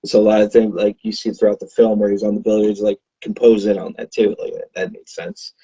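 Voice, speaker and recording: A man's voice: fairly low pitch, little pitch movement, fairly quick, warm tone, husky. A man chatting casually as a podcast guest, rambling with lots of fillers. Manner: rambling, many fillers and restarts. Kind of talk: casual chat. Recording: dull lo-fi recording.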